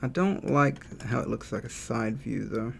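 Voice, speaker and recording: An unhurried game developer with a creaky, medium-pitched voice draws on stream, and a little hiss or hum sits under the audio. Relaxed, he muses aloud and reads chat messages out before replying.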